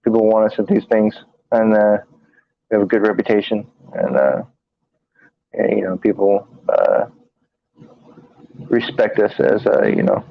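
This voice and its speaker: A man co-hosting a live paranormal talk stream, speaking in a halting, tired monotone with many fillers and restarts. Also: fairly low pitch, vocal fry, no room sound. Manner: monotone, tired from little sleep. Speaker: paranormal investigator and show co-host. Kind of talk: casual live-stream chat. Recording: dry, dull lo-fi stream audio.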